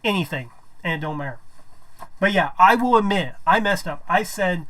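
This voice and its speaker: A man's voice: sits high, fairly quick, fairly bright tone. A man telling a personal story to camera, rambling, restarting his sentences and swearing when aggrieved. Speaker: vlogger.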